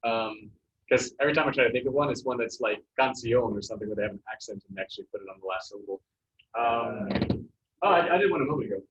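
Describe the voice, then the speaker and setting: A man's voice: medium pitch, fast. A man teaching a Spanish pronunciation lesson to a class, explaining casually with many fillers. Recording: echoey, distant, dull classroom recording.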